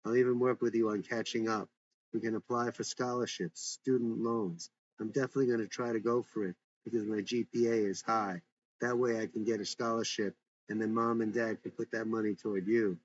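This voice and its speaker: A man's voice: fairly low pitch, little pitch movement, fairly quick, lightly acted. A man doing an earnest teenage son. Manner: earnest, reassuring. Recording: dull lo-fi recording.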